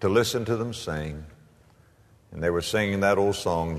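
A pastor preaching a sermon, emphatic, moving between loud proclaiming and hushed storytelling. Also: male voice, low-pitched, normal speed. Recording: long hall reverb.

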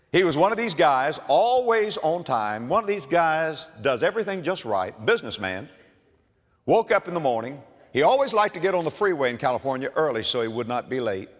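A man preaching a sermon, telling a story and moving between quiet asides and loud exclamations. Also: medium pitch. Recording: long reverb of a large hall.

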